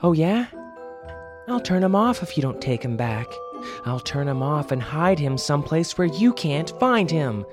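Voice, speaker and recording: A man voicing an angry, resentful little boy who sulks and shouts at his mother. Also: on the high side, big pitch swings, unhurried, music in the background, voice pushed up. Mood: defiant. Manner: sulky, petulant shouting.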